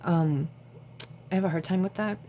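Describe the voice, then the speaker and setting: Low, mellow woman rambling to camera. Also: moderate pace, a little hiss or hum. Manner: rambling, jumps between thoughts. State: short on sleep. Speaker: vlogger. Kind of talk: casual talk to camera. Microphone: phone camera.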